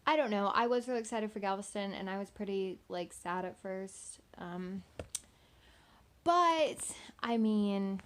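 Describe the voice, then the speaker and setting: A woman's voice: mid-range voice, unhurried. An eighteen-year-old woman from Texas chatting casually into her phone camera at home at night, rambling with lots of "like" and "um". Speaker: vlogger. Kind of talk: casual storytelling vlog.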